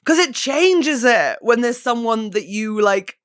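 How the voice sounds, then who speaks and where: A woman's voice: fairly high pitch, lively intonation, unhurried, no room sound, clean studio sound. A young English woman hosting a podcast, chatting and telling stories in a self-mocking way, a little hungover. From England. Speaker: podcast host. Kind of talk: casual chat.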